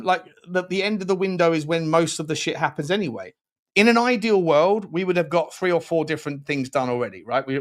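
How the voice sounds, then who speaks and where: A young man hosts a casual live stream, his voice sitting somewhat high. He talks loosely, reads viewer comments aloud, swears freely and laughs often. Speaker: host.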